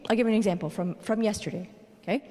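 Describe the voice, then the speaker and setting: A woman in her thirties giving a parenting talk at a church, telling animated personal stories and tagging her points with "okay?". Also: mid-range voice, rapid-fire. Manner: animated storytelling, tags lines with "okay?". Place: church hall. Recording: reverberant church hall.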